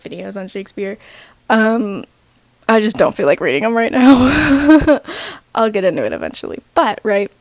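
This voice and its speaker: Young woman, casual lecture, rambling, chatty asides, soft half-whispers, dry sound. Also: medium pitch, dry recording. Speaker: writing video creator. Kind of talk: loose casual rant-lecture.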